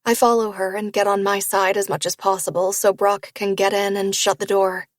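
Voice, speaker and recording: A woman narrating a first-person romance novel in a steady storytelling read. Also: mid-range voice, normal speed, no room sound, clean studio sound. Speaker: audiobook narrator.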